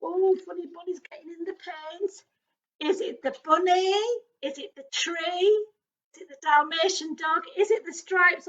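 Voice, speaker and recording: A British woman presenting a painting activity for toddlers, her voice high and her delivery unhurried. She chats away with lots of small exclamations and questions aimed at young children. The recording sounds dull and lo-fi. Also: a bit bright. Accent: British English. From England. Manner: chatty, exclamatory, talks straight to small children. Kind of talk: children's craft demonstration.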